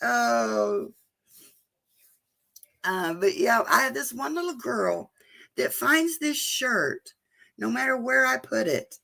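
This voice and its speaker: A woman's voice: on the high side, big pitch swings, measured pace, gravelly, sharp tone. A woman, chatting casually and emotionally with viewers during a live stream. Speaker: vlogger hosting a live chat.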